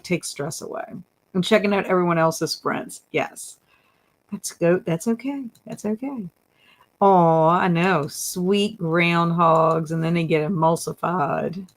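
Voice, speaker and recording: A woman hosting a casual livestream, chatting and reading viewer comments aloud, laughing often. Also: fairly low pitch. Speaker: livestream host.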